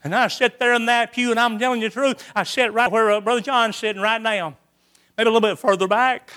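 A man's voice: very high voice, steady tone, brisk, pushed and bright. A man preaching a sermon, telling his own testimony in a folksy, repetitive storytelling manner.

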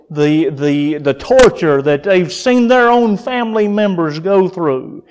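A man preaching a sermon, moving between soft, low passages and raised, pleading peaks, repeating phrases for emphasis.

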